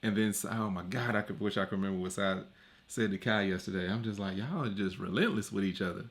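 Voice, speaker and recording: A man in his thirties, a podcast co-host, chatting casually and telling stories about his kids, acting out their lines in raised voices. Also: fast. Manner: animated storyteller, acts out quotes in high voices. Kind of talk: casual chat.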